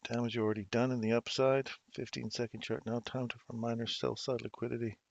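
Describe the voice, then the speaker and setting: A man's voice: mid-range voice, level tone, a little fast, gravelly, highs cut off, a little hiss or hum. Chatty English-born man in his fifties. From England. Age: 50s. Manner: chatty, laughs often, talks to chat viewers by name. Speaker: livestream trading host. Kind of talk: casual live-stream chat while reading charts. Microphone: desk mic, moved close.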